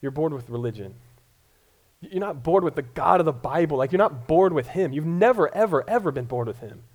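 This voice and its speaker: This is a young man from Colorado, a pastor, preaching conversationally and poking fun at himself while frequently stumbling and starting over. He talks fairly fast with a slightly high, expressive voice that has a darkish tone.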